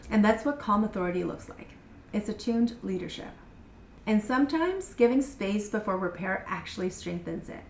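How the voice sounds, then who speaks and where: A woman in her thirties speaks in a calm, measured voice, slowing down to let key points land. Her voice sits at an ordinary pitch for a woman. The room gives it a noticeable echo, and there is faint background noise. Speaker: parenting coach. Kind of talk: scripted masterclass talk.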